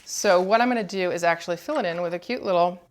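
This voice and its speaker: A woman teaching cookie decorating, calmly explaining each step while she works. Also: fairly low pitch, fast talker. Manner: calm, explanatory, thinking aloud while working. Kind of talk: step-by-step demonstration.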